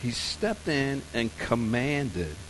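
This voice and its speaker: A man preaching a sermon, telling a story softly and slowly, then building to loud, emphatic points. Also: mid-range voice, very animated, background noise. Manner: storytelling, soft and slow in scenes, rising loud and emphatic for points. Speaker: pastor.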